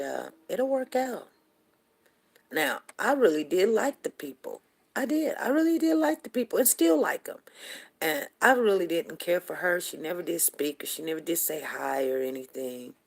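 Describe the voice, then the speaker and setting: A middle-aged woman livestreams a neighborhood story, speaking casually and greeting viewers by name. Her voice is on the low side, with vocal fry.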